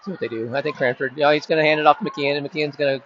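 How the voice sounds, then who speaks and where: A man doing casual play-by-play for a high school football game at the stadium, chatty and rambling, with joking asides to friends. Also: steady tone, racing, a bit bright, slight background noise. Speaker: play-by-play announcer. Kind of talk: casual local sports commentary. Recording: dull lo-fi sound with faint crowd ambience.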